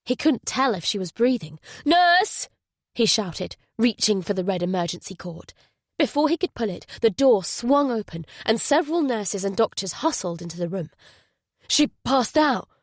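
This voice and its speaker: A woman's voice: mid-range voice, no room sound, studio quality. Woman narrating a thriller audiobook. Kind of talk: scripted narration.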